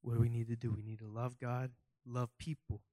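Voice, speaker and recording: A man's voice: medium pitch, flat delivery, fairly quick, warm tone, no echo, studio quality. A young man, preaching a casual, joking sermon full of rhetorical questions and rambling asides. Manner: goofy, self-mocking, rambling with asides. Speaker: youth preacher.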